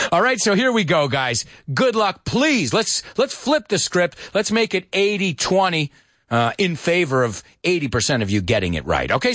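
Male radio teacher, rapid, playful, swooping intonation, dry close mic. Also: mid-range voice, dry recording. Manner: lively, teasing, switches between English and Spanish; talks fast. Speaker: English teacher and radio show host. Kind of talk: bilingual English lesson, casual.

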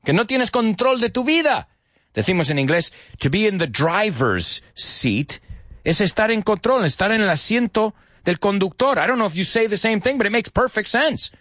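A middle-aged man, teaching English in a lively bilingual lesson that mixes English and Spanish. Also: high voice, no room sound, studio quality. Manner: animated, switches between English and Spanish, sings lyric snippets.

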